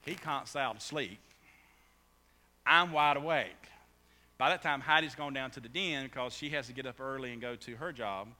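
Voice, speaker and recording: A man preaching a sermon as pastor, often stammering and restarting, then building to loud, fervent preaching. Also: mid-range voice, a little fast, hardly any pauses. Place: church sanctuary. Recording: echoey hall with faint hum.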